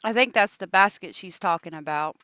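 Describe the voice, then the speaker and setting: A woman's voice: mid-range voice, a little fast, pushed and bright. A woman hosting a podcast, breaking in with brief, offhand asides to her listeners over played audio. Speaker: podcast host.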